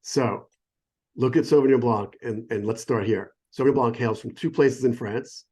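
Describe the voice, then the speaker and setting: A man's voice: medium pitch, normal speed, warm tone, breathy edge. A middle-aged American man, a sommelier, explaining things in a casual, enthusiastic way. He often goes off on tangents and breaks off mid-sentence. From United States. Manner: enthusiastic, digressive, self-interrupting. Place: phone or remote call.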